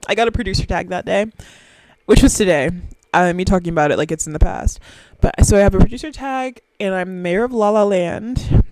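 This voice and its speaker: A young woman hosting a casual solo podcast, talking in an animated, silly, excitable way with sudden squeals. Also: on the low side, a little hiss or hum. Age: young adult. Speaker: podcast host.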